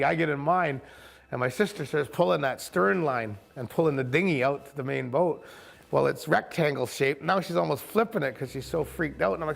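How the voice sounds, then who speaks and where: Gravelly-voiced man telling a wild story. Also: medium pitch. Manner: animated, acts out voices of others. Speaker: kayak camp owner and boat operator. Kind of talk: casual storytelling. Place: outdoors at a rocky bay.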